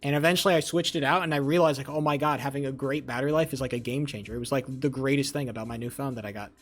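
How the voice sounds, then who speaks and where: Racing along at a medium pitch, this young streamer chats casually with his audience. His talk is rambling, profane, and jokey, aimed right at the chat he's reading.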